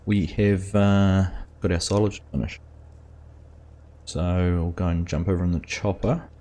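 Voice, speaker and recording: Aussie bloke live streaming a farm game, low mellow voice, says g'day to everyone in chat. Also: male voice, fairly even intonation, measured pace. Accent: Australian. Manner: greets chat viewers by name while playing. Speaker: gaming streamer host.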